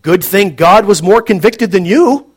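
A man's voice: sits high, animated, measured pace, slightly rough, pitched above the performer's own voice, full character voice. A man voicing a blunt, folksy older church maintenance man with a Midwestern accent in an audiobook. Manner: folksy, blunt, hard of hearing. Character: spunky old male church maintenance man. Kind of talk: audiobook narration.

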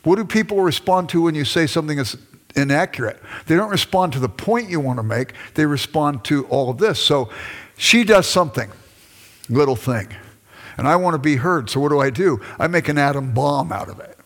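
A man's voice: fairly high pitch, animated, fairly quick, fairly bright tone. A middle-aged man teaching a church audience about marriage in a conversational, self-deprecating way, acting out his own past arguments. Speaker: speaker on marriage. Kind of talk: sermon-style teaching talk.

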